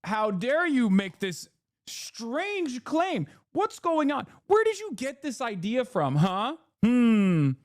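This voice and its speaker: A man's voice: huge pitch swings, exaggerated voice. A man putting on a sarcastic voice, playing a condescending accuser who drags out his words. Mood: sarcastic mocking. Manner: sarcastic, drawn-out, high mocking tone. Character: sneering condescending mock accuser, adult male.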